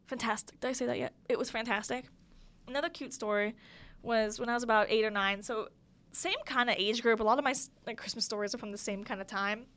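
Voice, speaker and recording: Young female podcast host, slightly high voice, chatty and giggly storytelling. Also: fairly even intonation, fast, fairly bright tone. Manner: chatty, giggly, lots of "like" fillers. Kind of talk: casual storytelling monologue.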